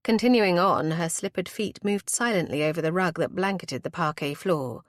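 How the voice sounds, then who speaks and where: Woman, audiobook narration, measured, dramatic, lowish, dry. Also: no echo.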